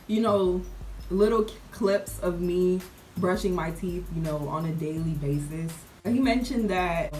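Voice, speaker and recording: A woman's voice: on the low side, darkish tone. A young woman, chatting to camera in a casual, playful way and calling her viewers y'all. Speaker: vlogger reviewing a product.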